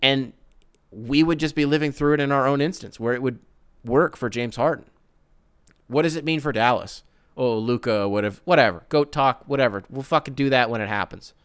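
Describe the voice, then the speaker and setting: A man hosting a casual solo sports podcast, ranting in a profane, animated way with mocking asides. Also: medium pitch, moderate pace, clean tone, dry recording, studio quality. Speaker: podcast host.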